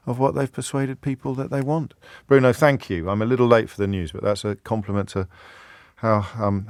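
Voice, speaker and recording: A man's voice: mid-range voice, dry recording, studio quality. A middle-aged man hosting a talk radio phone-in, wry and discursive, often restarting his sentences. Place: radio studio. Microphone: studio microphone with headphones.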